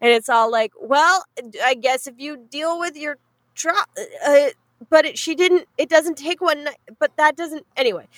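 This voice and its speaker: Young woman chatting about a show, high voice, does little character voices. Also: no echo, poor audio. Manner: animated storytelling, acts out characters in quick voices. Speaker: podcast co-host recapping a show. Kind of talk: casual chat.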